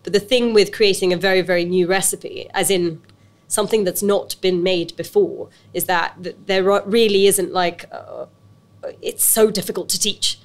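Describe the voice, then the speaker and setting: A British actress and business owner, appearing as a guest in a casual interview, tells her story in a mid-range voice at a moderate pace. She's chatty and animated, with plenty of restarts and fillers.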